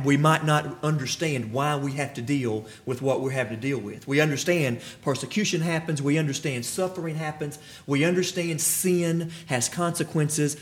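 A man preaching a sermon, acting out dialogue from scripture, with lively swings and some stammering restarts. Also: mid-range voice. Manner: animated, acts out biblical dialogue, restarts and stammers.

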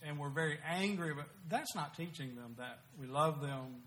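A man's voice: a little high, normal speed, fairly bright tone. A middle-aged man preaching a sermon, telling homey stories with frequent restarts. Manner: folksy storytelling preaching with restarts.

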